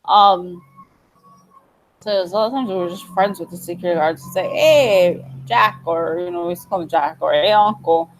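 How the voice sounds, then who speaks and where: A woman's voice: lowish voice, level tone, a little fast, slight background noise. A young adult woman vlogger in casual, rambling chat, laughing often.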